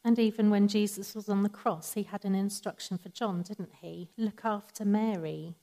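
A woman giving a sermon in a calm, measured, conversational teaching manner. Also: mid-range voice, poor audio. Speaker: preacher.

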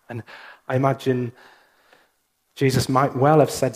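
A male minister delivering a sermon in a slow, deliberate cadence. His voice sits at an ordinary middle pitch, and he leaves room between phrases. He speaks in a church. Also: steady tone. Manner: slow, measured preaching with pauses.

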